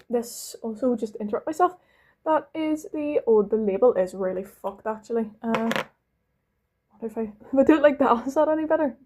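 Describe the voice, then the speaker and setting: A woman's voice: a little high, warm tone, a little hiss or hum. A young woman from London with a Northern Irish accent, chatting casually while she does her makeup, rambling, interrupting herself and swearing now and then. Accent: Northern Irish, Belfast. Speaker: vlogger.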